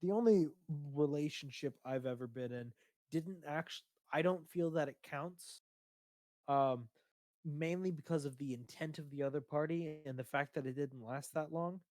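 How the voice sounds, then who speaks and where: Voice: mid-range voice, moderate pace, a little mellow, dry recording. Hesitant speaker with a dry sound. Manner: hesitant, many "um"s, gives earnest advice. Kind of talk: casual chat on a livestream.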